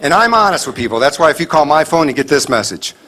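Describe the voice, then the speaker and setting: A male stand-up comedian from the United States, teasing the audience with a wry, deadpan delivery on a club stage with a handheld mic. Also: a little high, fast. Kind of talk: stand-up comedy with crowd work. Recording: echoey club with crowd laughter and noise.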